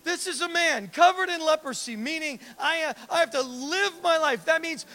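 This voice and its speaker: A man with a very high, bright voice preaches to his congregation. He acts out little scenes and keeps putting direct questions to the listeners. Faint music plays under his sermon. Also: normal speed. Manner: animated preaching with acted-out dialogue, repeated direct questions to the congregation. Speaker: pastor.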